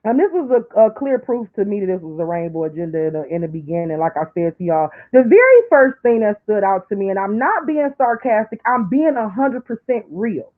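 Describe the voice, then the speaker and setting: A woman talks on a live stream, sliding between low, confiding asides and high, tearful pleading. Her voice is thin and tinny, as if heard over a phone line. She sounds like a commentator sermonizing to her viewers. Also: sing-song, a little fast, hardly any pauses. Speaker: online commentator. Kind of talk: emotional live-stream talk.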